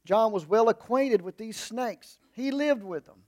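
A man preaching a conversational sermon. He explains in a folksy way with humorous asides, and he moves between emphatic raised lines and low, quiet remarks. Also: unhurried.

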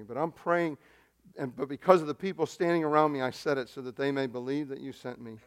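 A male pastor preaching a sermon, moving between loud emphatic declarations and soft, near-whispered passages as he retells a scripture story. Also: medium pitch, brisk.

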